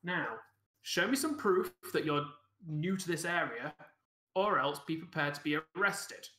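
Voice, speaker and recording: Gruff, threatening duergar guard, bright and tense, as a game master puts him on, echoey room. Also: male voice, a little high, lively intonation. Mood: suspicious. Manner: blunt, threatening, halting with fillers.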